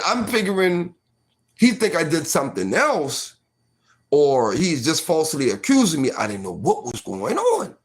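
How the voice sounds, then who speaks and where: A man's voice: on the high side, very animated, moderate pace, breathy edge. A man in his forties telling a personal story casually, full of fillers like "you know what I mean".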